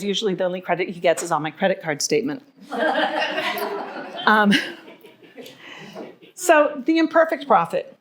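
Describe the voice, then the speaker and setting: A middle-aged woman hosting a live podcast, telling stories to an audience in a chatty way and laughing at herself. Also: medium pitch. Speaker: podcast host. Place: wine venue with live audience.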